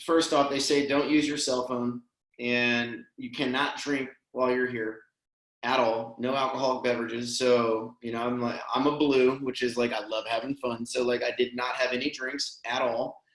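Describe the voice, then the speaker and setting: A man's voice: medium pitch, steady tone, normal speed, a bit bright. A man telling a heartfelt story as a podcast guest, earnest and emotional, often saying "man" and "dude". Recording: roomy echo.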